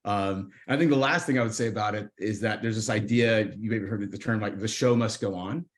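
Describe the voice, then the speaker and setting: Male executive guest, earnest, low voice, rapid delivery. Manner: earnest and fast, with filler repeats. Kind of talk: casual interview chat.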